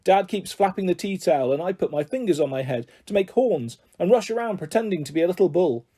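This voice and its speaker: A man reads a children's novel aloud with a gentle, expressive storytelling manner. His voice sits high for a man, mellow and warm, with a soft, breathy huskiness throughout. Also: fast talker. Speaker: audiobook reader.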